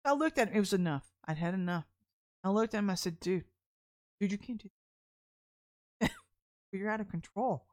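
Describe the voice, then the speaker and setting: A middle-aged woman preaching in a casual, story-driven way. Her voice sits in a middle range, and she talks in an animated, chatty manner, breaking into laughter often. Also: mid-range voice, moderate pace, pauses often. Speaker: minister. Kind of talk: candid storytelling sermon.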